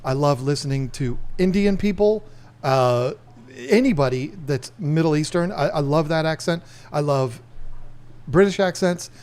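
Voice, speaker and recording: A man in his fifties co-hosts a relaxed podcast. He rambles happily from one thought to the next with eager energy. His voice sits a touch higher than most men's. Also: unhurried, clean tone. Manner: rambling, enthusiastic. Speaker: podcast co-host. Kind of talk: casual chat.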